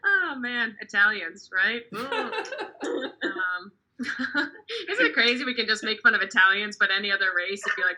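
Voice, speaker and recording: A woman's voice: medium pitch, very animated, takes it slowly, long pauses, sharp tone, a little hiss or hum, rough recording. A young woman performing a stand-up comedy set over a video call, chatty and self-deprecating, often laughing at her own jokes.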